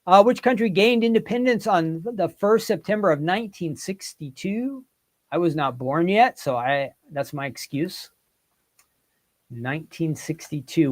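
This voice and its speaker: A man hosting a casual quiz on a livestream, reading out viewers' guesses and chatting with them. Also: fairly high pitch. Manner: animated, reads out viewer comments and guesses. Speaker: host. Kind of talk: casual quiz with live chat.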